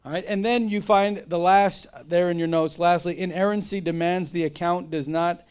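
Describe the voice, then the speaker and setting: High-voiced pastor teaching casually. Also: male voice, steady tone, moderate pace, clear, resonant tone. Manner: conversational, self-interrupting, asks the room questions. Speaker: pastor teaching a church class.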